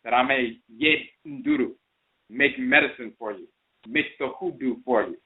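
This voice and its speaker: A man voicing a patient, crafty male hare who calmly insists, heard over a phone line. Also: medium pitch, measured pace, natural voice. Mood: insistent. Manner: calm, insistent. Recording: phone-line internet radio.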